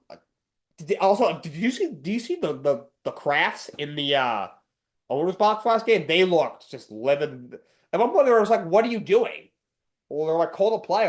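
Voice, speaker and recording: A man hosting a sports talk show alone, blunt and ranting, often repeating himself. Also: a little high. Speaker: sports podcast host. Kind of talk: opinionated solo sports talk.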